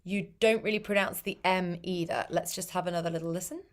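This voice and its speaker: A woman's voice: lowish voice, steady tone, brisk. A woman coaching a choir on pronunciation, patiently repeating and demonstrating each sound. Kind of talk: language coaching for singers.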